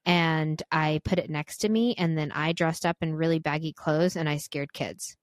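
A woman's voice: low voice, fairly even intonation, normal speed, no room sound, studio quality. A young adult woman co-hosting a podcast in casual chat, chatty and laughing often. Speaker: podcast co-host.

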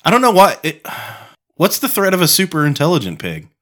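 A man's voice: on the high side, wildly swooping pitch, brisk, sharp tone. Profane, rambling podcast guy. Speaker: podcast co-host. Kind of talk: casual chat.

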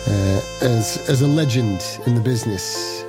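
A man plays a detective in a tabletop horror game. He speaks casually and haltingly, with music playing loud behind him. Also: mid-range voice. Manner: hesitant, casual, full of fillers. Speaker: player.

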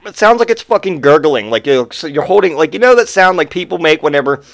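A man's voice: fairly high pitch, animated, quick pace, hardly any pauses, a bit bright, no echo, studio quality. Profane, rambling male podcast host. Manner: rambling and profane, with frequent swearing. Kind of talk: casual storytelling monologue.

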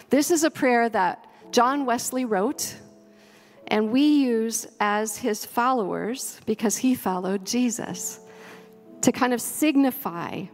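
A woman pastor preaching a sermon slowly and earnestly, then leading her congregation through a prayer. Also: a little high. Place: church sanctuary. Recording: long hall reverb, soft music behind.

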